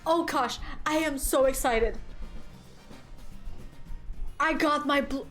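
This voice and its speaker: Woman streamer, high and animated voice, chatty and rambling, easily thrilled, faint music underneath. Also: slow, pauses often. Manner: chatty and rambling, heavy use of "like"; excitable, squeals with delight. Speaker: game streamer. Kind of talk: casual gameplay commentary.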